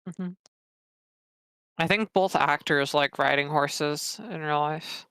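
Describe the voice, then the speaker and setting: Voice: medium pitch, slow pace, sharp tone, clean tone, no room sound. A person chatting casually during a movie watch-along, curious and full of questions. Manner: curious, asks lots of questions. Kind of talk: casual chat over a movie.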